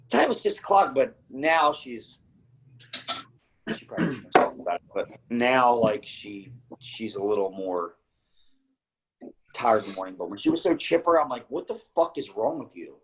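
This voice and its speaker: A man talking bluntly with lots of swearing on a casual podcast, telling stories in a lively way. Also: medium pitch, moderate pace, pauses often, background noise. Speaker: podcast guest.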